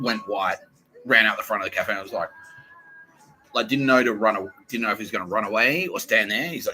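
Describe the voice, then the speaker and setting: A man's voice: on the low side, fairly quick, sharp tone, faint music behind, poor audio. A young Australian man hosting a podcast, telling a heated, profane story in a rambling casual monologue. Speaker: podcast host.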